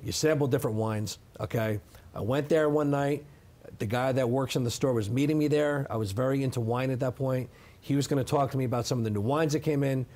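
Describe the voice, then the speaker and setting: A middle-aged man's mid-range, slightly mellow voice carries through a sit-down interview where he's the guest. He recounts his side emphatically, using a repeated "okay?" to hammer points home.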